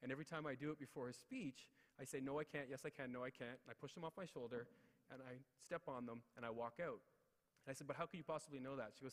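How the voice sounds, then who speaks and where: A quick, energetic man tells stories from a stage through a headset mic. He acts out the people in his stories in raised voices, and his words ring with a long hall reverb. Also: mid-range voice. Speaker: keynote speaker. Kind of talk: motivational storytelling speech. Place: large ceremonial hall.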